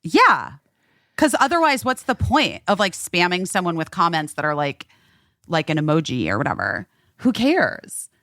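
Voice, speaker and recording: A woman's voice: fairly low pitch, very animated, normal speed, fairly bright tone, dry recording, clean studio sound. A woman hosting a podcast, chatting casually in a blunt, joking way. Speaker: podcast host. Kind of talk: casual chat.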